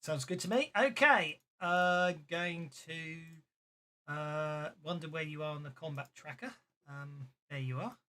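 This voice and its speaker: A game master narrating a tabletop game, halting often and laughing. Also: medium pitch, pushed and bright.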